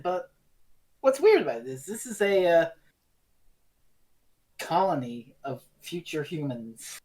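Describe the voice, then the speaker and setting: A man co-hosting a podcast, chatting casually about a TV serial, animated and swearing freely as he acts out quotes. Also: fairly high pitch, slow. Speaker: podcast co-host. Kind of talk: casual review chat.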